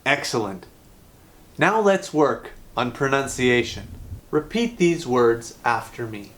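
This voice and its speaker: A man teaching English to learners in a scripted lesson, explaining grammar clearly and deliberately. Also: medium pitch, big pitch swings, a bit bright.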